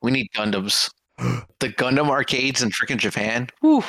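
A man whose voice has a gravelly edge and a bright, forward tone, chatting eagerly and laughing often. The recording is dry and close. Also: medium pitch, normal speed, no echo. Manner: laughing, enthusiastic nerdy chatter. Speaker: podcast co-host. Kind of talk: casual chat.

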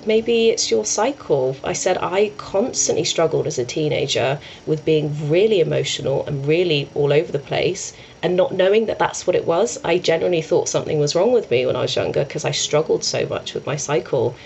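A woman's voice: low voice, brisk, creaky, hardly any pauses, a little mellow, a little hiss or hum, rough recording. A young adult woman, a yoga and meditation teacher, talking earnestly and rambling with many restarts as she tells a story. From England. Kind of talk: conversational storytelling.

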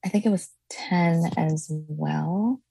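A woman co-hosting a podcast while sick, her voice lower than usual, talking slowly with many fillers. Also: no echo. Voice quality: deep, gravelly voice from being ill. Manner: relaxed, drawn-out, thinks aloud with fillers. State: sick, under the weather. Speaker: podcast co-host. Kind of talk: casual chat.

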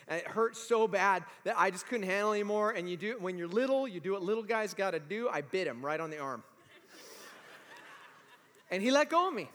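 A man in his forties, a pastor preaching a sermon with animated, humorous storytelling, in a church. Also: high voice. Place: church sanctuary. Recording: long reverb of a large hall.

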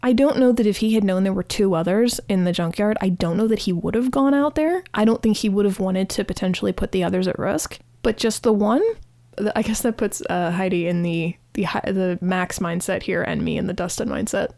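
A woman talks through a TV episode in a chatty, animated way, often restarting her sentences. Her voice sits at an ordinary middle pitch for a woman. The recording is dry and close, with no room sound. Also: brisk, vocal fry, no echo. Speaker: podcast host. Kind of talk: casual episode recap.

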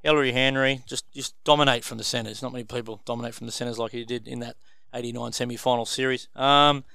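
Bright upbeat Australian host. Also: male voice, mid-range voice, steady tone, fast talker, vocal fry, clear, resonant tone, no room sound. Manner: upbeat, keeps calling the panel 'boys'. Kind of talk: casual sports chat.

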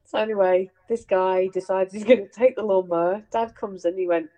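A woman's voice: mid-range voice, fairly quick, low-quality recording. Chatty middle-aged woman telling stories. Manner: chatty, animated, laughs through anecdotes. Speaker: host sharing family memories. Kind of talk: casual storytelling chat.

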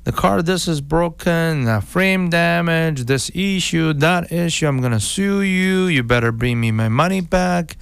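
A man's voice: a little high, animated, a little slow, creaky, hardly any pauses, smooth, dry recording, voice pushed up. A man acting out an angry male car buyer who complains and threatens to sue over a bad car. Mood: indignant.

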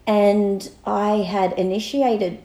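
Slow, gravelly Australian woman. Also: medium pitch, fairly even intonation, warm tone, reverberant, rough recording. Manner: chatty and giggly, with laughing asides. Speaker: podcast co-host. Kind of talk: casual podcast chat.

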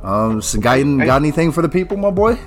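A man's voice: a little high, sing-song, fast, faint music behind. A man hosting a podcast in casual banter, joking and laughing often. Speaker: podcast host.

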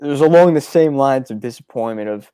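A young man in his twenties with a smooth, resonant voice tells his side of a family story. He speaks sincerely and reflectively, with small hesitations, in a dry, close sound. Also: mid-range voice, animated, fairly quick, mellow, dry recording. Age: 20s. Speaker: son and co-host. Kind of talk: casual storytelling.

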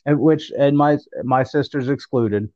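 A man's voice: mid-range voice, measured pace, a little mellow, dry recording, dull audio. A man co-hosting a casual podcast, easygoing and agreeable, laughing often. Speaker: podcast co-host. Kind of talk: casual profane chat.

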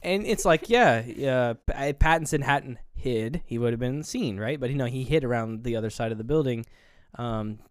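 A laid-back man co-hosting a film review podcast, swearing casually as he walks through scenes. His pitch is mid-range, and the recording sounds dry with no room echo. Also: animated, moderate pace, clean tone. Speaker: podcast co-host.

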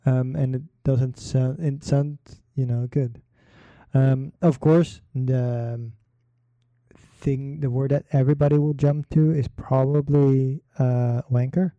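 A man hosting a casual solo talk, rambling with many fillers and pauses in a relaxed delivery. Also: mid-range voice, no room sound, dull audio. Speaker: podcast host.

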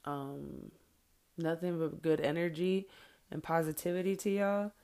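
A woman and mother talking straight to her followers in an earnest, blunt monologue, swearing freely and filling pauses with "like" and "um". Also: sits low, creaky, a little mellow. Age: adult with children. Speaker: vlogger addressing followers. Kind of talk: heartfelt direct-to-camera monologue.

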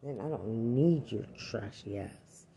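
A man pours out an angry, accusatory rant, cursing constantly. His voice is very dark and mellow. He talks slowly, with heavy pauses between his bursts. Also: mid-range voice, animated, creaky, lo-fi sound, a little hiss or hum. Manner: furious, accusatory, swears constantly. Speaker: army veteran.

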